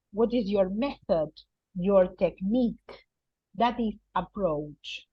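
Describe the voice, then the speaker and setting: A woman teaches English, patiently unpacking each word and checking that her students follow. Her voice sits at a middling pitch, and the recording is dull and lo-fi with almost no room sound. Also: no echo. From Argentina. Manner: patient, explaining words and checking with "right?". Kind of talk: teaching a vocabulary lesson. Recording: dull, lo-fi and dry.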